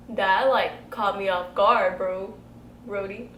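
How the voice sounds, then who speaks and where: A young woman, telling a story to camera in a casual, animated way and swearing freely. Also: mid-range voice, slow pace. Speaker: beauty vlogger telling a story. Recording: echoey room, faint background noise.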